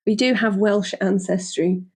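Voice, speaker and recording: A woman's voice: medium pitch, steady tone, darkish tone, breathy edge. A woman hosting a podcast, chatting casually and jokily from a hotel room on a lapel mic, often correcting herself mid-sentence. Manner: chatty and jokey, with quick self-corrections. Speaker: podcast host.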